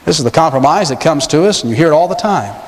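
A man's voice: fairly high pitch, animated, quick pace. A man preaching a sermon, emphatic and full of rhetorical questions to his listeners. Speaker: pastor. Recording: long hall reverb.

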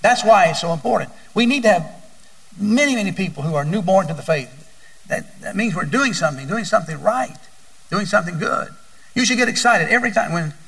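An older man preaches to his congregation in a bright, gravelly voice, slightly high for a man. He tells folksy stories and keeps repeating his words as he goes. He sounds a little distant from the mic in the church. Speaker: pastor. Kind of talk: sermon.

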